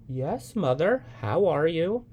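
A man voicing a cool, unbothered young woman on the phone, calm and faintly weary. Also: a little high, slow, muffled recording, voice pushed up, heavily acted.

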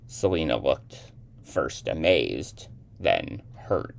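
Deep-voiced male reader with fry and animated pitch for a short story narration. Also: normal speed. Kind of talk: reading a short story aloud.

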